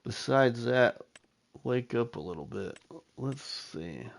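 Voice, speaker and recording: A middle-aged man hosting a live game stream, chatting casually with viewers in an easygoing way while he thinks out loud. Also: mid-range voice, animated, takes it slowly, vocal fry. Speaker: live-stream gaming host.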